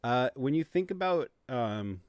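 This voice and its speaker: Man, mid pitch, livestream host, hesitant, thinks aloud. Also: animated, measured pace, darkish tone, dry recording, studio quality. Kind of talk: casual chat on a livestream.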